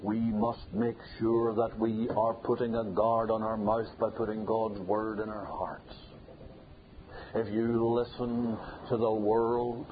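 A man preaches with insistent repetition, his voice climbing to forceful loud peaks. The sound is thin and phone-like, with a faint hiss underneath. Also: fairly low pitch. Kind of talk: sermon.

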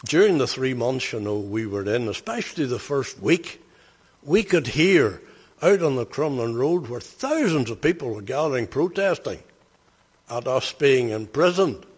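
Older preacher, husky, echoing hall. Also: male voice, medium pitch, very animated, moderate pace. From Northern Ireland. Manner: folksy anecdotal storytelling, rising to emphatic bursts. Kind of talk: sermon storytelling.

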